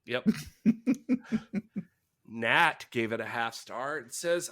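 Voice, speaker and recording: A man's voice: mid-range voice, slow, long pauses, pushed and bright. A man co-hosting a casual talk show, reading reviews aloud with mock drama and frequent laughter. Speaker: podcast co-host. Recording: echoey room.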